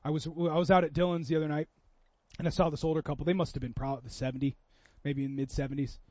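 High-voiced guy preaching, lively storytelling, dry slightly dull sound. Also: fast, no room sound. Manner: animated storytelling, swings from loud to soft. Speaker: pastor. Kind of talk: sermon.

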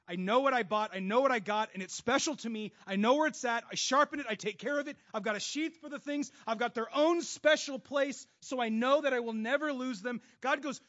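A man preaching a sermon with passion, moving between loud bursts and hushed stretches. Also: extremely high pitch. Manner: acts out God's voice and inner voices in quotes. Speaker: pastor. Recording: dull lo-fi sound.

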